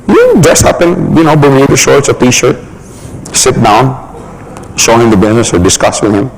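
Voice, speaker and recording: A man giving a motivational business talk, laughing often and acting out quick examples in funny voices. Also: mid-range voice, big pitch swings, a little hiss or hum, poor audio. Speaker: business trainer.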